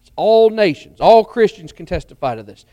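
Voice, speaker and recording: A man's voice: high voice, very animated, normal speed, mellow, no echo, big-room sound, highs cut off. A man preaching a Bible lesson, reading scripture aloud and explaining it, sometimes stumbling and asking the listeners questions. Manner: reads scripture aloud then explains it, with restarts; addresses listeners directly with questions. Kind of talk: Bible teaching sermon.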